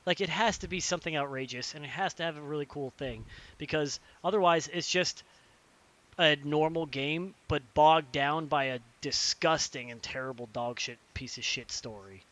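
A young man in casual podcast chat, ranting animatedly and swearing, acting out characters in quick impressions. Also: on the high side, a bit bright.

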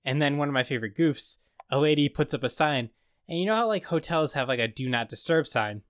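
A man's voice: fairly high pitch, expressive, fairly quick, no echo, studio quality. A man co-hosting a podcast, rambling through a casual comedic recap and acting out scenes. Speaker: podcast co-host.

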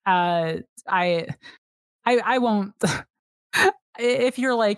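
A woman's voice: lowish voice, normal speed, pauses often, dry recording, clean studio sound. Chatty woman guest, lots of fillers. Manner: enthusiastic, rambling with many fillers and restarts. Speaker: podcast guest. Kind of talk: casual chat.

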